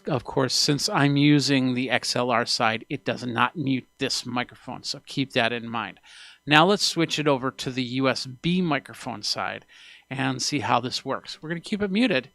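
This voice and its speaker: A slightly bright, medium-pitched male voice comes through with no echo. The speaker, a tech reviewer, casually walks through a product demo step by step, filling gaps with fillers, right up against a studio podcast mic.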